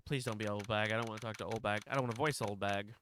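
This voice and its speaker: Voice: medium pitch, fairly even intonation, racing. Wry streamer muttering over game music. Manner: offhand, wry asides, swears. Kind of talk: casual live game playthrough.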